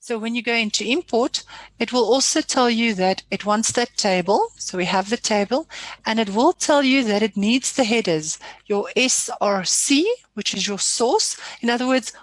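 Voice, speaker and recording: Chatty woman trainer, slightly high voice. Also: dry recording. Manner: chatty, apologetic, self-deprecating asides. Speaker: software trainer. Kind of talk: casual screen-share tutorial.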